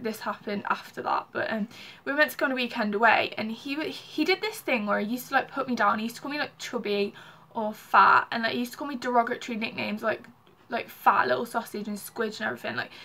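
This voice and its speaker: A woman's voice: on the high side, vocal fry, pushed and bright. A young woman telling a personal story in a casual vlog, with lots of "like". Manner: chatty, heavy use of "like". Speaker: vlogger.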